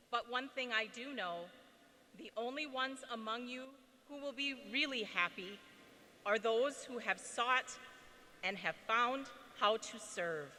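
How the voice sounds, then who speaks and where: A woman reading a reflective passage in a deliberate, formal way to a ceremony audience in a large indoor arena. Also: fairly high pitch, pushed and bright. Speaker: ceremony speaker leading reflection. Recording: long arena reverb, faint hum.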